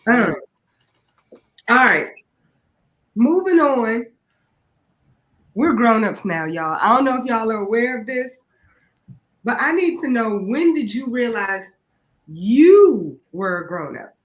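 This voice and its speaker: A woman hosting a casual chat among old friends, speaking earnestly and slowly about personal memories, then moving on lightly. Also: on the high side, very animated, poor audio. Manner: earnest, drawn-out, then breezy.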